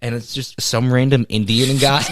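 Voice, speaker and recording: A man's voice: lowish voice, normal speed, heavy background noise. A young man co-hosting a podcast, chatting casually and acting out quotes as he tells a story. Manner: animated storyteller, acts out quotes. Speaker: podcast co-host. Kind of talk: casual chat.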